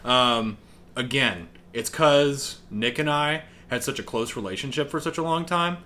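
A young man in his twenties co-hosting a casual podcast, telling animated stories and swearing casually. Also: mid-range voice, a little slow. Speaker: podcast co-host. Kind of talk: casual chat.

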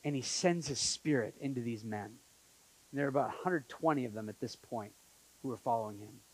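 A man preaching a conversational sermon as pastor, acting out quotes in an animated way. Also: mid-range voice, brisk, husky, low-quality recording. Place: church in Montreal.

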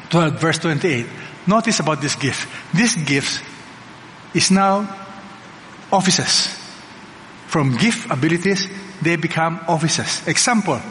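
A man preaches a sermon in a large church hall, his slightly high voice carrying a long reverb. He drives each point home with emphatic repetition and rhetorical questions to the congregation. A faint background hum sits under the room. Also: fairly bright tone. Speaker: pastor.

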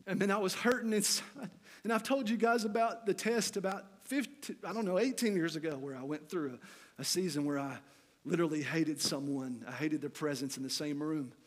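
A middle-aged man preaches a sermon, sharing a candid personal story that swings between loud, animated stretches and quiet, hushed moments. His voice is a little high and brisk, and the recording carries a long hall reverb.

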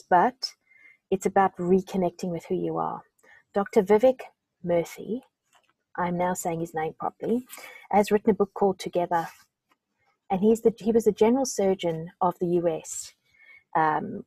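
A woman's voice: mid-range voice, warm tone, slightly rough, no room sound. A middle-aged woman hosting a podcast interview, speaking in an emotional, openly moved way. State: tearing up. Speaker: podcast host. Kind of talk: heartfelt conversational interview.

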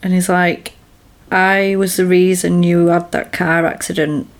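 A woman's voice: on the low side, unhurried. A woman on a casual podcast, retelling a film and acting out the characters' lines as she goes. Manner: animated storyteller who acts out characters' lines. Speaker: podcast co-host. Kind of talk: casual chat recapping a film.

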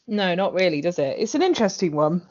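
A woman's voice: lowish voice, sing-song, quick pace, a little mellow. A woman co-hosting a casual chat podcast, blunt and sweary, laughing often and acting out quotes. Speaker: podcast co-host recapping a TV drama. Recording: dull lo-fi audio.

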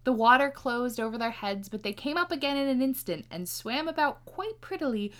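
A woman's voice: sits high, expressive, brisk, fairly bright tone. A woman casually reading a fairy tale aloud, playful, with laughing asides. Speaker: storyteller.

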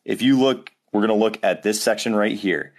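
A man's voice: lowish voice, moderate pace, vocal fry. A man co-hosting a podcast, chatting casually over a video call in a playful, rambling way and laughing often. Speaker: podcast co-host. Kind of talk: casual chat.

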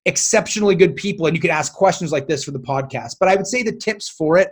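Man, podcast guest, high-pitched, animated, yappy, casual swearing. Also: fast talker, slightly rough. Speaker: guest, self-defense instructor.

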